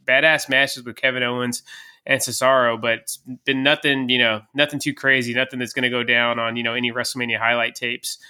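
A man's voice: mid-range voice, level tone, brisk, sharp tone, clean tone. A man co-hosting a wrestling podcast, chatting casually and steering the conversation. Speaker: podcast co-host. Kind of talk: casual chat.

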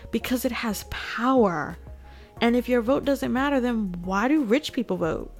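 Gravelly-voiced woman commentator. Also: fairly high pitch, lively intonation, unhurried, soft background music. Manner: indignant, addresses viewers directly, laughs between points. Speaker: political commentary host. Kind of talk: casual political commentary to viewers.

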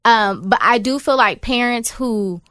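A young woman talking frankly in a casual co-hosted chat, swearing freely as she tells her stories. Her voice is bright and forceful, a touch high, and recorded dry and close. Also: unhurried, clean tone, no room sound. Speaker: podcast co-host.

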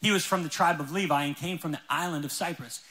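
A male pastor preaching a sermon in a church, telling stories with lively energy. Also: fairly high pitch, quick pace, poor audio. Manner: energetic, animated storytelling.

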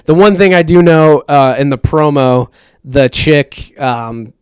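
A young man co-hosts a casual podcast, cracking jokes and dropping curses into the chat. His voice is smooth and resonant. It is recorded dry and close, with little room sound. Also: a little high, no room sound. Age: 20s. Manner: joking, quick asides, swears casually. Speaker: podcast co-host.

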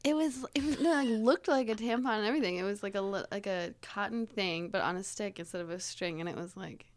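A woman's voice: medium pitch, quick pace, dry recording. A woman hosting a comedy podcast, chatting casually and laughing as she retells things. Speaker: podcast host. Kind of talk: casual chat.

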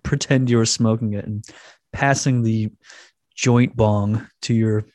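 A man's voice: lowish voice, fairly even intonation, a little slow, a little mellow, no echo. A man co-hosting a podcast, chatting casually with joking, drawling asides to listeners. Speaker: podcast co-host. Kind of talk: casual chat.

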